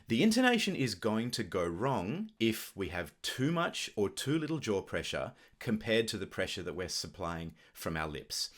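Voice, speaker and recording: A middle-aged man explaining clarinet embouchure in a relaxed, thoughtful teaching manner, with the odd filler as he talks. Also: fairly low pitch. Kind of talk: instructional video talk.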